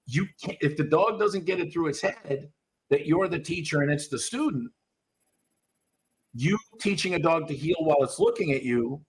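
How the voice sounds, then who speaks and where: Male dog trainer, podcast regular; blunt and profane, husky timbre. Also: fairly high pitch, expressive, moderate pace. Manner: blunt, swears freely. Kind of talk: casual coaching chat.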